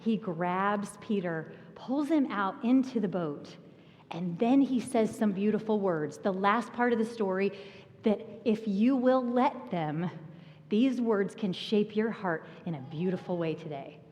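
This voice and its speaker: A woman pastor preaching a sermon, telling a personal story with animated energy and laughter. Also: medium pitch, measured pace. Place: church sanctuary. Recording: long reverb of a church hall.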